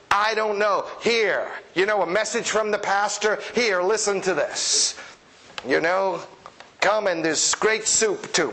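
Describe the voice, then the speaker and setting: High-ish voiced guy preaching, super animated, doing little voices for people. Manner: animated, acts out quoted voices, chuckles often. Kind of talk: lively sermon. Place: church service with congregation.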